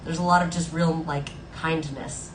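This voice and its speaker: A woman's voice: low-pitched, steady tone, moderate pace, reverberant, slight background noise, low-quality recording. A woman live-streaming from home, chatting casually with her viewers in a bubbly way, full of "like" fillers. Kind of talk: casual chat with viewers between songs. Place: Los Angeles home.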